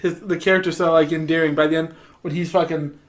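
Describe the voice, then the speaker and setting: High-voiced man, laid-back swearing chat. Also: little pitch movement, fast. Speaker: podcast co-host. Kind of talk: casual chat.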